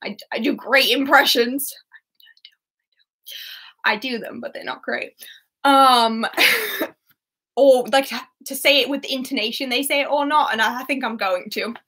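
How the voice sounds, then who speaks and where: A woman's voice: high-pitched, a little slow, long pauses, sharp tone. A young woman hosting an online quiz, chatty and giggly as she reads out scores and questions. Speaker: quiz host.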